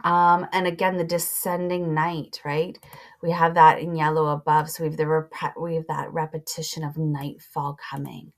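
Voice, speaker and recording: A woman with a notably low voice walks students through a reading passage, slow and deliberate. She pauses now and then to mark up the text, and keyboard typing can be heard behind her. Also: flat delivery. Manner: slow, deliberate teaching voice, pausing to annotate. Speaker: teacher.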